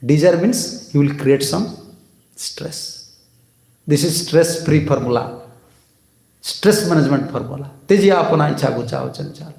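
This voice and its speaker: A man's voice: fairly high pitch, a little fast, vocal fry, pauses often, a little mellow, echoey room. A man giving a devotional sermon as a swami, emphatic, repeating phrases and asking rhetorical questions. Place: temple hall.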